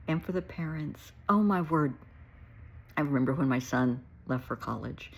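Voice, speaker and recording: Low gravelly-voiced woman, earnest and emotional. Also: moderate pace. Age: middle-aged. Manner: warm, earnest, emotional, addresses viewers as sweetheart. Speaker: therapist. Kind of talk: heartfelt direct-to-camera talk.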